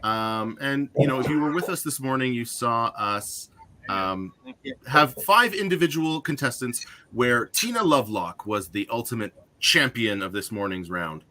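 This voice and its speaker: A man's voice: medium pitch, animated, moderate pace, pushed and bright. A man hosting an online game show, upbeat and joking, with frequent fillers.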